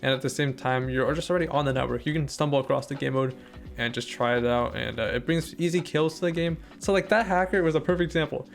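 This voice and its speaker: A man's voice: mid-range voice, quick pace, gravelly. A young man giving casual commentary over his own gameplay, rambling and full of fillers. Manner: rambling, filler-heavy, excitable during fights. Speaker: gaming YouTuber. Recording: background music under voice.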